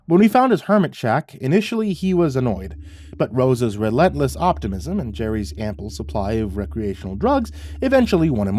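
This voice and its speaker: A man reading a horror story aloud as a narrator, in a wry, measured manner. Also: mid-range voice, warm tone.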